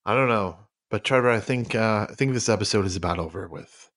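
A man's voice: on the low side, brisk, a bit bright. A man co-hosting a comedy podcast, with playful, mock-serious announcer-style bits. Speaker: podcast co-host.

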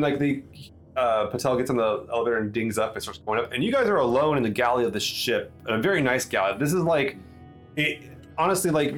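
A man runs a tabletop game as its game master, describing the scene in a loose, rambling way full of fillers and restarts. His voice sits at an ordinary middle pitch, with soft music playing underneath.

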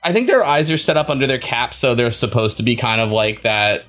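A man's voice: mid-range voice, expressive, a little fast, a bit bright, faint music behind. Rambling man in casual chat. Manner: rambling, many fillers and restarts. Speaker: podcast co-host.

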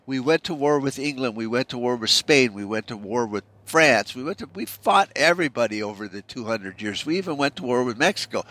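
A man's voice: medium pitch, fairly bright tone. A man hosting a podcast, delivering an angry, profanity-heavy political rant full of stammered restarts. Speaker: podcast host.

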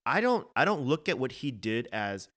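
A man with an ordinary mid-range voice talks through his view in a relaxed, conversational podcast chat. He is earnest and insistent, and he often stumbles over and repeats words as he gets going. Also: medium pitch, normal speed. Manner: earnest, repeats words when starting a thought. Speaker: podcast co-host. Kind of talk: casual opinionated discussion.

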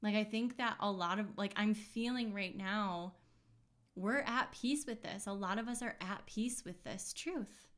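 A woman with a mid-range voice hosts a relaxed spiritual podcast. She talks in a loose, chatty way, full of little fillers and restarts. Her tone is earnest and reassuring throughout. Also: medium pitch, unhurried. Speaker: podcast host giving intuitive readings. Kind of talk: casual spiritual podcast monologue.

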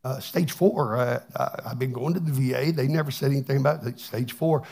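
A man's voice: medium pitch, fairly quick, vocal fry, a little mellow, slightly rough. A man preaching a plainspoken, folksy testimony sermon, often repeating words as he restarts. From Texas. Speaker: pastor.

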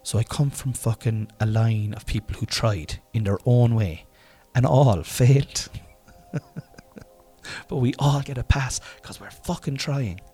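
A man's voice: medium pitch, a little slow, dark tone, slightly rough, faint music behind. An Irish man in his forties telling family stories casually, swearing and laughing at himself. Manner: swearing, laughing, self-deprecating. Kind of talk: casual storytelling monologue.

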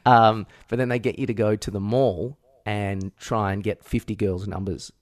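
Male podcast co-host, lowish voice, stop-start delivery, dry close recording. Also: steady tone, dry recording. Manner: halting, many restarts and fillers, chuckles. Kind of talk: casual chat.

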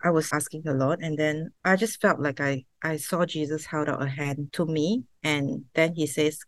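A woman from Singapore with a low voice tells her personal story of faith, earnest and emotional. The recording is dry and close, with no room sound. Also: steady tone, normal speed, few pauses, no room sound. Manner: emotional, heartfelt, sometimes laughing and tearful. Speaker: interview guest, server founder. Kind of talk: personal testimony.

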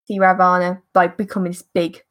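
A woman's voice: on the low side, little pitch movement, a little fast, fairly bright tone. Woman game master narrating casually. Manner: casual, rambling, hesitant.

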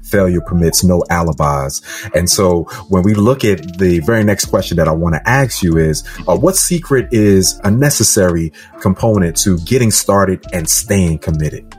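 A man with a very low voice hosts an interview. He asks his questions in a calm, measured way, with faint music in the background. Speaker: podcast host.

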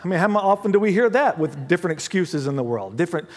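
A man preaching a sermon as pastor, mixing humorous family stories with hushed prayer. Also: sits high, expressive, fast talker. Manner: dramatic swings from loud to hushed prayer; humorous storytelling with laughs. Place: church sanctuary. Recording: long hall reverb.

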